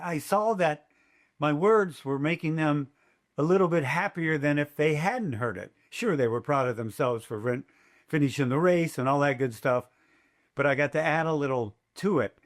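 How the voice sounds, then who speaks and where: An older man, a race announcer, telling a story as a podcast guest in a lively, chatty way. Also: on the high side. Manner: lively, chatty, fond of quoting himself. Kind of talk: casual storytelling.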